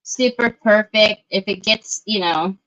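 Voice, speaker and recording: Slow, bright-voiced woman crafting live. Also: medium pitch. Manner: chatty, greets viewers by name, Southern "y'all". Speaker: craft livestream host. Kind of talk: casual chat while crafting live. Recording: dull lo-fi livestream audio.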